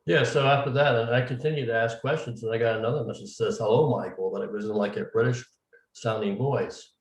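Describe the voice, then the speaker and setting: A man's voice: mid-range voice, fairly even intonation, quick pace. A man being interviewed, telling his story casually and acting out the dialogue he quotes. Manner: recounts events at length, acting out quoted dialogue. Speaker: interview guest, medium. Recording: roomy, distant mic.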